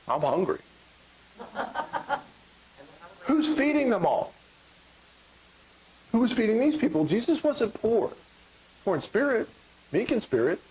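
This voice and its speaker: A man's voice: very high-pitched, low-quality recording. A middle-aged man with a Texan accent, preaching a sermon in a church, joking and acting out voices of the crowd. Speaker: pastor. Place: church sanctuary.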